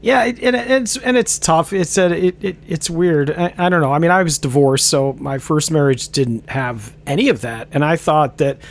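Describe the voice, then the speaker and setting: A man's voice: a little high, normal speed, vocal fry, few pauses. A middle-aged man from upstate New York hosting a podcast interview, earnest and friendly, often stammering as he restarts his sentences. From Brighton, Rochester, New York. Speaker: podcast host. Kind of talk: casual interview conversation.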